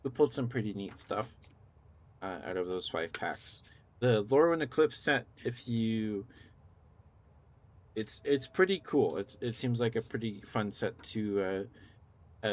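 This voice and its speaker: A man streaming live, chatting in a relaxed way and thanking viewers, still groggy with a morning voice. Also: mid-range voice, measured pace. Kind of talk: casual live-stream chat.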